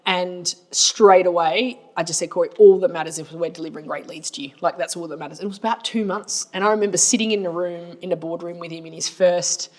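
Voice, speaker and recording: Australian woman, slightly low voice, chatty and blunt, colloquial storyteller for a business podcast. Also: fairly quick, hardly any pauses, a little mellow. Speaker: marketing agency owner and podcast co-host. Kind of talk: casual business podcast chat.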